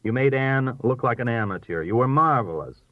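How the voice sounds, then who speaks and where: A man reading aloud and voicing a weary husband who hurriedly flatters his wife. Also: mid-range voice, no echo, lightly acted. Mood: placating. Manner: soothing, quick to flatter. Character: placating, weary middle-aged husband. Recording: thin phone-like dry sound.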